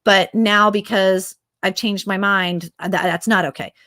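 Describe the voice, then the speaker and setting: An adult mother hosts an opinionated talk show, speaking with impassioned force and firing off rhetorical questions. She acts out quoted exchanges in other voices. Her mid-range voice is bright and forceful, with fairly even intonation and a measured pace.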